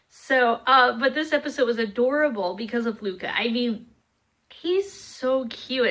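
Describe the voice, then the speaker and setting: Chatty young woman with a bright voice. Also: a little high. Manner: chatty, animated, breaks into playful voices. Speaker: vlogger reviewing a cartoon series. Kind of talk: casual reaction chat.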